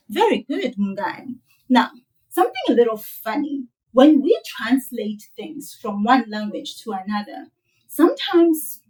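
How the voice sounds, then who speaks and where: A woman teaching a children's language lesson, modeling words slowly and playfully with laughs. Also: on the high side, a little mellow, distant mic, rough recording. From South Africa.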